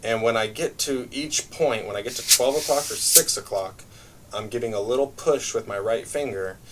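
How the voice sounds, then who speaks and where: A man's voice: mid-range voice, normal speed, background noise. Easygoing man teaching a drum lesson. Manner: relaxed, explains step by step with many fillers. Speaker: music teacher.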